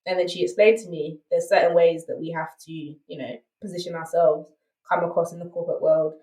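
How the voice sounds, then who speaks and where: Fast-talking South London woman, roomy distant sound. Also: lowish voice, fairly even intonation, warm tone. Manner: emphatic, rhetorical asides like "right?". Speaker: podcast guest. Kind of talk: candid conversational storytelling.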